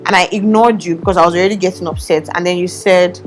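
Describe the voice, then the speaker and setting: A young woman vlogging, telling her story in an animated, expressive way. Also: lowish voice, fast. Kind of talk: casual chat. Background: faint background music.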